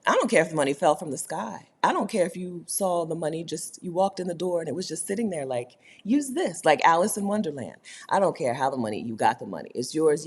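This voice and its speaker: A woman hosting a casual livestream, reading viewer comments aloud, emphatic and animated, laughing often and swinging between loud high bursts and low murmurs. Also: fast, few pauses, husky. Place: indoors, home setting while living abroad.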